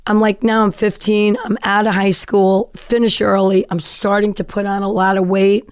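Middle-aged woman guest, mid-pitched, dry close sound, animated storyteller who plays the people in her anecdotes. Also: normal speed, clean tone, dry recording. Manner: lively storyteller, acts out quoted voices. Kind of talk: storytelling interview chat.

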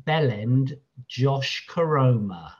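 A man's voice: medium pitch, animated, slow pace, slightly rough, highs cut off. A man co-hosting a podcast quiz, teasing his friend in a dry manner during casual banter. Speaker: podcast co-host.

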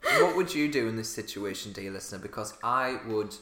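A man's voice: on the low side, expressive, fairly quick, a bit bright, reverberant. A man co-hosting a podcast in casual chat, with dry, teasing banter. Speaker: podcast co-host.

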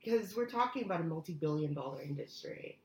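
Woman, podcast co-host, casual chat, very low voice, hesitant fillers, echoey room. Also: animated, fast talker. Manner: hesitant, many fillers and restarts.

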